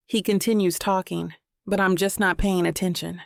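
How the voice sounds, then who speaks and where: Woman, romance audiobook narrator, intimate first-person telling, slight vocal fry, dry studio sound. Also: fairly low pitch, fairly even intonation, moderate pace, no echo.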